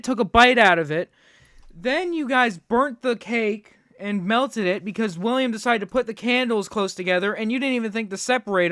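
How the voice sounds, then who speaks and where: A host reacts to a video clip with indignant, profane rants. The voice sits at a middle pitch and is recorded dry and close, with no room sound around it. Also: a bit bright, no room sound.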